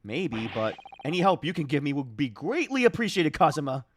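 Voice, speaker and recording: A man's voice: fairly high pitch, very animated, fairly quick, a little hiss or hum. A man voicing an earnest, flustered young male student on trial in a video game.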